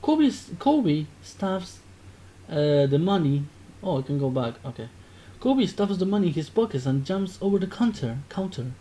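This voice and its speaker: This mellow man has a high voice with big swings in pitch and talks at a moderate pace. A gaming video creator, he casually narrates a text game aloud and keeps interrupting himself to correct what he said.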